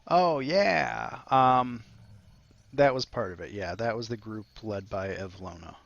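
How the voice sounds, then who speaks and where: A man's voice: mid-range voice, a little slow, gravelly, no echo, muffled recording. A man running a tabletop game as game master, narrating in a rambling way with many fillers.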